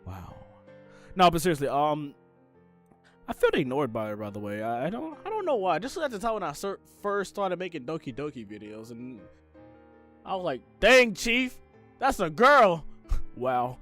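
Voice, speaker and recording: Excitable man hosting a game video. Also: on the high side, a little fast, soft background music. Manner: excitable, jokey, talks to viewers. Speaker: gaming video host. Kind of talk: casual gameplay commentary.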